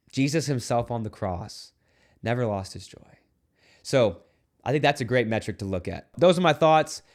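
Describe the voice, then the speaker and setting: Earnest conversational priest, man. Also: mid-range voice. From United States. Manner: earnest, conversational, with playful asides. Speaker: Catholic priest. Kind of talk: video homily to camera.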